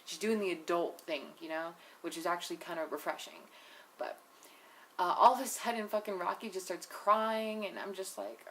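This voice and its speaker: A woman's voice: medium pitch, moderate pace, slight background noise. A young woman giving a casual, opinionated recap of a reality show episode, profane and full of "like" and "you know". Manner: blunt, opinionated asides. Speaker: TV episode reviewer.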